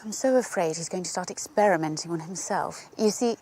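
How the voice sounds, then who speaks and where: An actress playing a flighty doctor's wife who chatters in an airy, scatterbrained way. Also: female voice, lowish voice, fairly quick, a little mellow, natural voice.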